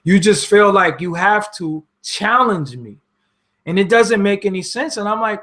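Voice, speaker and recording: A man talking straight to his audience in a casual, blunt, profane way, his voice climbing into loud exasperation when he vents. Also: sits high, very animated, normal speed. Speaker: host answering his audience. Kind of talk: casual direct-to-camera talk.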